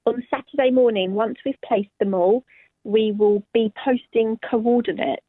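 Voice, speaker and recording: A woman's voice: a little high, moderate pace, no room sound. A mother speaking on a radio phone-in, explaining plans in a chatty, practical way. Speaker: mother of the guest. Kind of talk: phone-in interview. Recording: dry tinny phone line.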